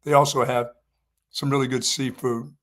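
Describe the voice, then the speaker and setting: A man's voice: medium pitch, flat delivery, normal speed, fairly bright tone. A man co-hosting a sports radio show, telling joking stories in casual chat. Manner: joking storyteller, laughs at himself.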